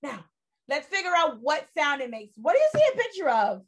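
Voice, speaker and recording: A woman's voice: high-pitched, big pitch swings, a little fast. A woman teaching a phonics lesson to young children, stretching out sounds in a sing-song, encouraging way.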